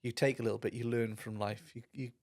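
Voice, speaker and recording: A man's voice: medium pitch, fairly even intonation, fast talker, a little mellow. A middle-aged man co-hosting a podcast in casual chat, laid-back and chummy. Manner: laid-back, chummy, often says "mate". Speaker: podcast co-host.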